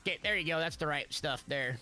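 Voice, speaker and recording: A young man streaming a player-versus-player online game, chatting with viewers and shouting excitedly during fights. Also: a little high, fast talker, faint music behind. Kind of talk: live gameplay commentary.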